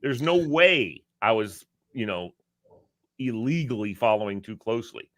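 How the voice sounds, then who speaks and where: A man from Virginia, co-hosting a casual talk show, telling an animated story and acting out the quotes. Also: medium pitch, a little slow, no room sound, studio quality. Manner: animated, acts out quotes, laughs often. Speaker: podcast co-host.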